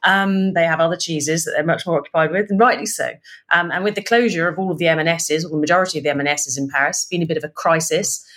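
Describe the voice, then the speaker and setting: A woman chats on a podcast, telling stories with animated energy and quick laughs. Her voice sits a little low for a woman. She talks casually and freely. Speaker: podcast co-host.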